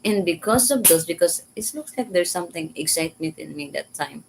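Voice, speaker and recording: Woman telling an anecdote, lowish voice. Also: animated, creaky, a little hiss or hum, poor audio. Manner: halting, repeats words, simple learner English. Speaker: storyteller. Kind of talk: casual personal anecdote.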